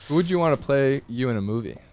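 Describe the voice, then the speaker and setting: A man's voice: medium pitch, lively intonation, fast, a little mellow. A man in his twenties co-hosting a casual podcast, curious and enthusiastic, firing off questions. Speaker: podcast co-host.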